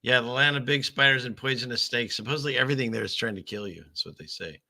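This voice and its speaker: A man hosting a show, riffing on the news in a rambling, joking way with sarcastic asides. His voice is very bright and cutting, recorded dry and close with no room sound. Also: medium pitch, fast talker, no room sound. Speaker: show host. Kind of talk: casual news commentary.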